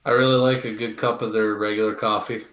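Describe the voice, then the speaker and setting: A man's voice: lowish voice, flat delivery, fast talker, a bit bright. A man co-hosting a podcast in casual chat, making short, laid-back remarks. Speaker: podcast co-host. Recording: roomy echo.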